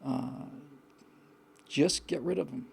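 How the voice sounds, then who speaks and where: A man's voice: mid-range voice, takes it slowly, vocal fry, a little mellow, husky. A man hosting a live call-in show, giving blunt, frank advice in a rambling way with many restarts. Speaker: host.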